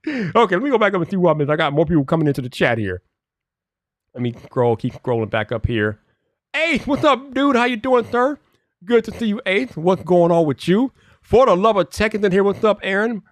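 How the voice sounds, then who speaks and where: A man hosting a casual live stream, greeting viewers one by one by name, laughing often and muttering to himself as he fiddles with his software. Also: sits high, big pitch swings, moderate pace, pauses often, no room sound.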